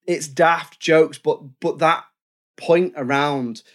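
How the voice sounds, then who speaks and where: A man's voice: on the high side, slow, a bit bright. A man co-hosting a podcast, talking casually and recounting film scenes with many restarts. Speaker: podcast co-host. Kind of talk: casual film review chat.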